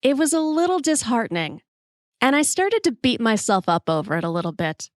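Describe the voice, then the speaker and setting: A woman in her forties hosting a solo storytelling podcast, wry, expressive and self-deprecating. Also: fairly high pitch, a little fast, no echo, studio quality. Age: 40s. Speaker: podcast host.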